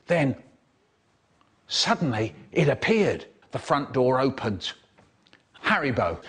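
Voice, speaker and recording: A slightly rough-voiced man keeps a measured pace as he acts out a story's characters, swinging between sudden high squeals and hushed drops. The theatrical telling is cut into a comedy remix.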